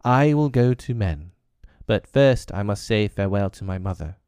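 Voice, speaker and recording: Deep-voiced guy doing a fierce jungle boy raised by wolves, bossy old-timey talk, dark dry sound. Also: lively intonation, normal speed, clear, resonant tone, no echo, natural voice. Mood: earnest. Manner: commanding, old-fashioned speech. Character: defiant young man-cub raised by wolves. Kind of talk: audiobook character reading.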